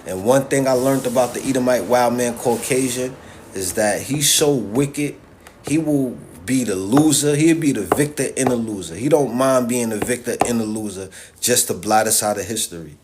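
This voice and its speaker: A man's voice: medium pitch, normal speed, a little mellow, slight background noise. A man delivering an impassioned casual monologue straight to his viewers. He is emphatic and repetitive, restarts his sentences often and keeps checking in with "all right?". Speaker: social media commentator.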